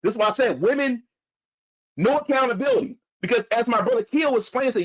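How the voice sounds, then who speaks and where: High-voiced man ranting about an incident. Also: lively intonation, fast talker, rough recording. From Philadelphia. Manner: heated, profane, repeats himself. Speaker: vlogger. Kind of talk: casual storytelling rant.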